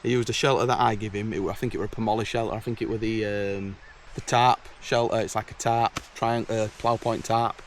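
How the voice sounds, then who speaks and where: A man's voice: lowish voice, flat delivery, a little fast, slight background noise. A man telling blunt, chatty stories to camera from a woodland camp outdoors. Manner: chatty, blunt, exasperated anecdotes. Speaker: camping vlogger. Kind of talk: casual storytelling to camera.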